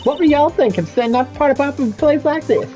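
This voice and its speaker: A woman's voice: sits high, quick pace, dark tone, faint music behind, pitched above the performer's own voice, natural voice. A woman putting on a brassy Southern drawl. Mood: scolding. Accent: put-on Southern US drawl. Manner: folksy, bossy, exaggerated drawl. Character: brash Southern woman photographer, loud and nosy.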